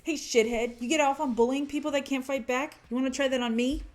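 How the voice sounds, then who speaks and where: A woman doing a loud, swearing young tough guy. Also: medium pitch, lively intonation, normal speed, pitched above the performer's own voice, close to an everyday voice. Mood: angry. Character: hot-tempered young male delinquent.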